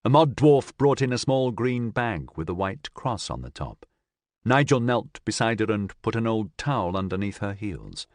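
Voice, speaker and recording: A man narrates a science fiction audiobook with expressive storytelling. His voice is low and moves a lot in pitch. The recording is dry and close. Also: normal speed, dry recording. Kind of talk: scripted narration.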